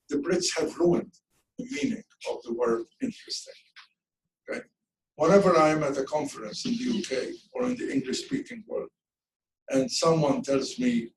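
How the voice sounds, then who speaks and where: A man's voice: a little high, reverberant, recorded from a distance, noisy background. An older man from Malta giving an academic talk, reading his poem and questioning the audience in a lecturing manner.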